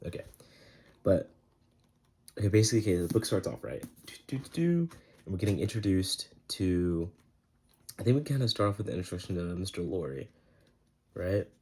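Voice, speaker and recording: A young man rambles loosely through a book review, full of slang and filler words, chatting easily as if with friends. His low voice is soft and mellow, his delivery brisk but broken by long pauses.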